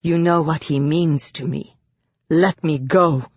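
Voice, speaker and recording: Elegant coaxing banshee mother with an odd accent read by the narrator, soft and well-bred, lo-fi. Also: mid-range voice, normal speed, slightly rough, no room sound, close to an everyday voice. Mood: insistent. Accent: odd unnamed accent. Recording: dull, dry lo-fi audio.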